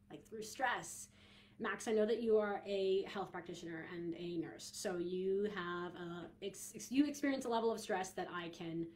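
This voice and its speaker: A young woman hosts a casual podcast in a chatty, bubbly way. She giggles often and trips over her words with fillers and restarts. Her pitch sits in an ordinary middle range. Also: a little mellow. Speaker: podcast host and coach.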